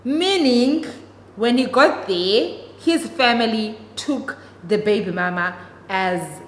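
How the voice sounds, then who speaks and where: A woman's voice: a little high, expressive, takes it slowly. A young South African woman whose first language is isiXhosa, telling a story-time vlog to her viewers in a chatty, dramatic way. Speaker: vlogger. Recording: echoey room, long reverb, faint noise.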